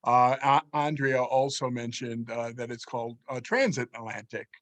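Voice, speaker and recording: A man's voice: mid-range voice, moderate pace, a bit bright. A man moderating an online workshop, politely and hesitantly reading questions from the chat with many fillers. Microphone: video call.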